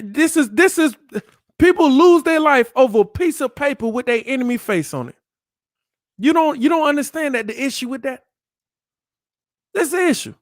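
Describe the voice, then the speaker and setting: A man's voice: high voice, no echo, studio quality. A man, the host of a podcast, preaching from scripture and repeating his lines for emphasis with rhetorical questions.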